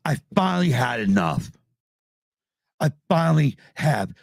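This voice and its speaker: A man's voice: fairly low pitch, sing-song, normal speed, gravelly, no echo, clean studio sound. A man in his fifties, a podcast host, ranting angrily with heavy swearing on a live stream. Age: 50s. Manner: angry, swearing, heated. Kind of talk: profane live-stream rant.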